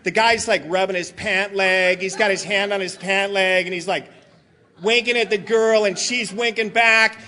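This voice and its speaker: A man's voice: high voice, moderate pace, sharp tone. A middle-aged man from Southern California giving a loose, joking, rambling talk as a guest speaker. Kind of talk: comic storytelling talk.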